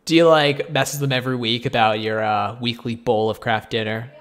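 Rambling podcast host. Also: male voice, mid-range voice, steady tone, a little fast, a bit bright. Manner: rambling, full of "like" fillers, laughs often. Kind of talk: casual podcast chat.

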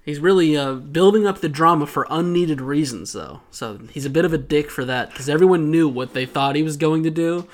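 A man's voice: fairly high pitch, a little fast, hardly any pauses. A young man from Georgia with a South Georgia accent, co-hosting a podcast with teasing, joking banter. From Georgia, USA. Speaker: podcast co-host. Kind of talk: casual recap chat.

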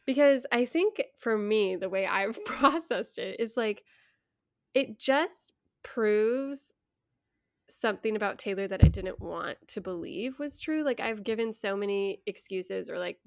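A woman's voice: medium pitch, expressive, a little slow, no room sound, clean studio sound. A young adult woman co-hosting a podcast, talking frankly and earnestly with frequent laughs. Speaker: podcast co-host. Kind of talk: casual chat.

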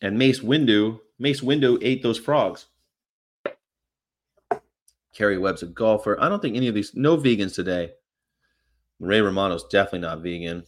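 A man's voice: lowish voice, expressive, normal speed, pauses often, a little hiss or hum. Rambling, offhand male vlogger. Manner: offhand, rambling, crude, jokey asides. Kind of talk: casual rambling monologue.

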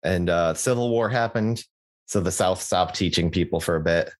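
A young adult man co-hosts a podcast in a low voice at a moderate pace. He chats casually, throwing in jokey asides along with lots of fillers and restarts.

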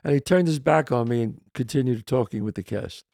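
A man, hosting a podcast and telling a casual, animated anecdote that shifts into quoted voices. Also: medium pitch, a little fast, gravelly, no echo, clean studio sound. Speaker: podcast host. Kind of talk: casual storytelling.

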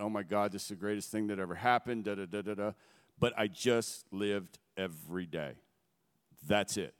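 A middle-aged man with a low, smooth, resonant voice tells his story in an earnest, halting way. His words ring out through a big hall, trailing a long echo behind them. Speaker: guest speaker. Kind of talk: personal testimony. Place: on a stage before a gathering.

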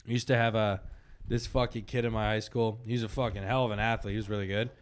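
A man's voice: fairly low pitch, level tone, quick pace, smooth. A young man hosting a casual podcast, telling profane stories and laughing often. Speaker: podcast host.

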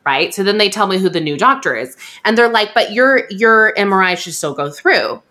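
A young woman hosting a podcast, telling a story in a chatty, animated way and acting out what others said. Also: medium pitch, moderate pace. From USA. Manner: chatty, animated, acts out quoted voices. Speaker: podcast host. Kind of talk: casual storytelling chat.

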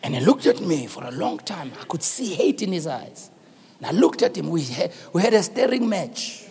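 A man preaching a sermon in a South African accent, telling a story and then rising into fervent shouted calls to the congregation. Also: sits high, big pitch swings, normal speed, vocal fry. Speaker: pastor. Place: church.

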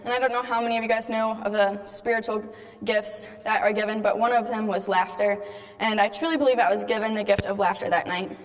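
A woman's voice: mid-range voice, fairly even intonation, fairly quick. A young woman telling an earnest faith testimony to a live audience, casual in tone with many "like"s. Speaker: speaker giving a faith testimony. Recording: long hall reverb.

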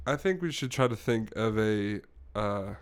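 A man's voice: fairly low pitch, lively intonation, measured pace, clean tone. A man in casual comedic chat, easygoing and a bit self-deprecating.

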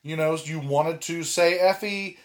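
A man co-hosting a casual wrestling podcast, talking animatedly with emphatic, drawn-out words and frequent restarts. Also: on the high side. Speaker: podcast co-host.

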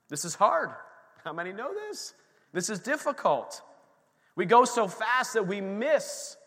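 A man delivers an emphatic sermon in a church, his voice high and bright. He repeats phrases for emphasis and drives the energy upward. A long reverb from the sanctuary trails every line. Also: expressive, measured pace. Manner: emphatic preaching, repeating phrases with rising intensity. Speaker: pastor.

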